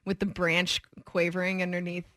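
A woman co-hosting a radio show, chatting casually, self-deprecating and quick to laugh. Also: lowish voice, monotone, fairly bright tone, dry recording. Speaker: radio co-host. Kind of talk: casual on-air banter.

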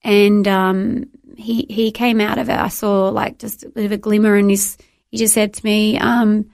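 Appearing as a guest on a faith interview, a middle-aged Australian woman shares her testimony with heartfelt emotion, often circling back and starting over. Her mid-range voice is darkish in tone, flat in delivery and marked by gravelly fry, captured dry and close to the mic.

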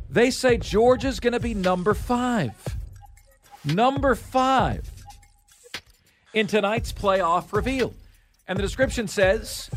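A man hosting sports talk radio, running an energetic countdown and calling his listeners "folks". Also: sits high.

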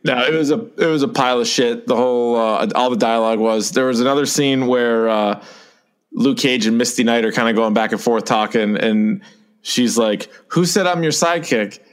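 A man co-hosting a casual podcast chat, animated and sarcastic, often acting out mocking quotes. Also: mid-range voice, normal speed, clear, resonant tone. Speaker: podcast co-host.

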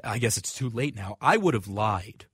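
Man radio co-host, husky low voice, deadpan quips, dry mic. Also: normal speed, no room sound. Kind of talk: casual radio chat.

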